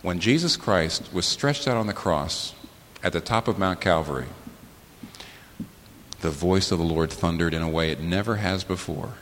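A man preaching a sermon as the pastor, swinging from low, slow, weighty phrases to sudden high, loud outbursts. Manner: impassioned preaching with sudden rises in pitch and volume and slow, weighty pauses. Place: church sanctuary. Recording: sermon in a large reverberant hall with faint hiss.

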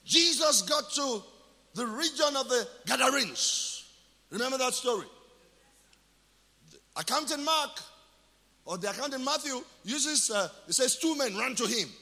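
Nigerian pastor, bright and forceful, echoing. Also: male voice, extremely high pitch, expressive, unhurried, long pauses. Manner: call-and-response questions, building to shouted declarations. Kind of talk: sermon. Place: church.

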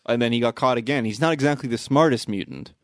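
A man's voice: mid-range voice, fast talker, no echo, clean studio sound. Swearing man in casual chat. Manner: swears often, talks in run-on bursts.

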